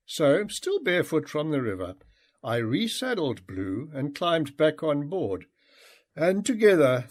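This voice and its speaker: A man reads a memoir aloud with an unhurried, deliberate pace. His voice sits a little high for a man and swings widely in pitch as he brings the story to life. The delivery stays expressive and dramatic throughout. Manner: expressive, acts out shouted and excited dialogue. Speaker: audiobook narrator. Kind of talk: memoir audiobook narration.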